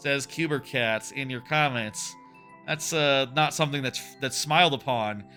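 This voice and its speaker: A man's voice: mid-range voice, moderate pace, pushed and bright, faint music behind. A man in his thirties chatting casually while live-streaming a game, rambling with many fillers and restarts. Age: 30s.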